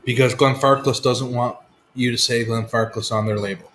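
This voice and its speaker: A man's voice: medium pitch, fairly even intonation, moderate pace, a bit bright, slight background noise. A man hosting a casual live whisky chat, laid-back and swearing freely as he tells stories. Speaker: whisky show host.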